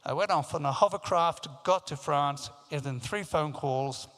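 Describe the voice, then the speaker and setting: A man's voice: on the high side, normal speed. A man in his fifties from Africa, raised in England, telling anecdotes at a forum and acting out the voices of the people in his stories. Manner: lively anecdotal storytelling, acting out quoted voices. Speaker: keynote speaker. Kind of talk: storytelling talk. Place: large conference hall. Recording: long hall reverb.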